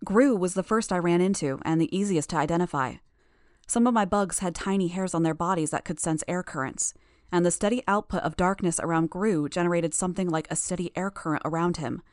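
A woman narrates an audiobook chapter in the first person, with a lowish voice. Her reading is steady and measured. The recording is dry, with no room sound. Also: no echo.

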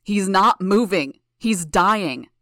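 A woman's voice: low-pitched, measured pace, dry recording, clean studio sound. A woman voicing a desperate man in his sixties, a mayor and father who pleads and then roars threats. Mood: furious. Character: desperate sixty-ish male mayor, a father.

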